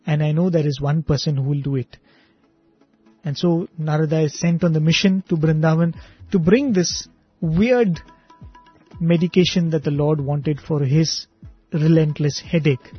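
Husky, slightly high male storyteller, earnest and unhurried, dull lo-fi recording with faint music. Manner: earnest, unhurried retelling with restarts. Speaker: religious storyteller. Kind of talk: devotional storytelling talk.

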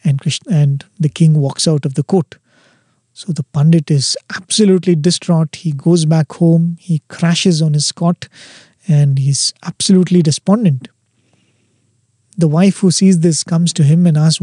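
A man giving a devotional talk, telling a teaching story in a measured, explanatory way. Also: fairly high pitch, fairly even intonation, dark tone, no room sound, studio quality. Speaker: spiritual speaker.

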